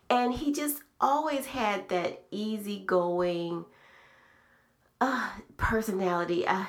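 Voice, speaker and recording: A middle-aged woman hosting a podcast, telling personal memories in a slow, soft-spoken, reflective way. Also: mid-range voice. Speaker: podcast host. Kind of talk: casual heartfelt conversation.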